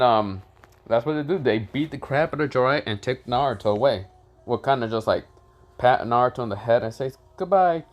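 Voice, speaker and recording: A man rambling through a homemade fan story in a casual, filler-heavy way. His voice sits at an ordinary middle pitch, and he keeps adding little asides. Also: muffled recording. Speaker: channel host telling a story.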